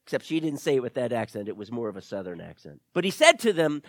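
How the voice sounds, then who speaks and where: A man's voice: mid-range voice, big pitch swings, a little fast, no echo. A male pastor preaching a sermon, reading scripture and pressing his points with emphatic repetition. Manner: emphatic, repeats phrases for stress.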